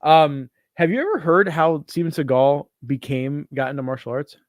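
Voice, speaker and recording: A man's voice: fairly high pitch, moderate pace, no echo. Crude joking man on a dry mic. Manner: crude, joking, puts on voices. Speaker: podcast co-host. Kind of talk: casual chat.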